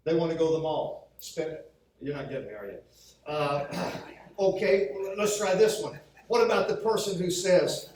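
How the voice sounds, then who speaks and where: A man's voice: fairly high pitch, moderate pace, darkish tone. A man preaching a sermon as a pastor, telling humorous stories and acting out the lines he quotes. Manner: humorous storytelling with acted-out quotes. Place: church sanctuary. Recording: very echoey hall, mic from far off.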